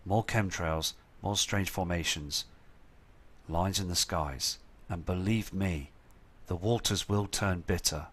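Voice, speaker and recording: Male host with a somewhat low voice, urgent and earnest, talking over viewer photos. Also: takes it slowly, fairly bright tone, slightly rough. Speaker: channel host.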